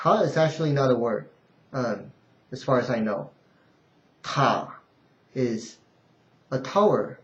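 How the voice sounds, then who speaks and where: A man teaching a language lesson unscripted, halting and restarting with fillers, then singing out tone examples. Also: mid-range voice, lively intonation. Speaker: Mandarin teacher. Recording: roomy, dull lo-fi home recording.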